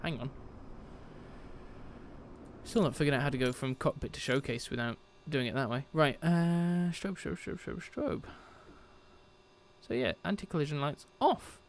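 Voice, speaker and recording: A man's voice: medium pitch, normal speed, pauses often, slight background noise. A man from Britain chatting on a live stream as he shuts down a sim aircraft, laughing often and answering his chat.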